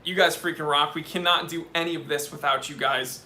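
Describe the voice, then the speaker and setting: A man's voice: fairly high pitch, fairly even intonation, fairly quick, pushed and bright, reverberant. A young man hosting a casual live stream, answering chat questions in a chummy, laid-back way and calling people "dude". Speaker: watch channel host answering live chat.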